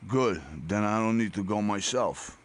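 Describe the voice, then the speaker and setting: A man's voice: fairly low pitch, moderate pace, lightly acted. An actor voicing a blunt, suspicious male camp worker in a video game, with a thick Bronx accent. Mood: needling. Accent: New York, Bronx. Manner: blunt, needling.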